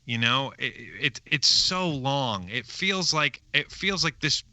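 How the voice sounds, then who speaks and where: Very bright-voiced man talking movies. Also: medium pitch, slow, no room sound. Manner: rambling, restarts, lively emphasis. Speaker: podcast co-host. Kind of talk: casual movie review chat.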